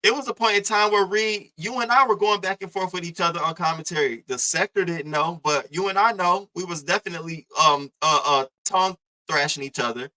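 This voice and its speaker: A young man from Baltimore giving profane, animated drama commentary, acting out what others said. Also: brisk, rough recording. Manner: profane, animated, reenacts others in pitched-up voices. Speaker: commentary livestreamer.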